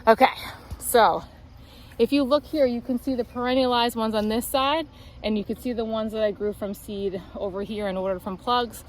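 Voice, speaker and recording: A woman's voice: a little high, fairly even intonation, moderate pace, slight background noise, rough recording. A woman flower farmer giving a casual walk-through of her rows outdoors, chatty and upbeat, slightly out of breath. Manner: chatty, upbeat, talking while walking the rows.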